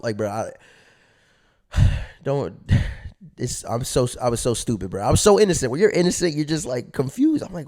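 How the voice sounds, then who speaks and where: A young adult man casually telling a story on his vlog, animated and slangy, laughing at himself and swearing freely. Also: medium pitch, moderate pace, pauses often. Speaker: vlogger.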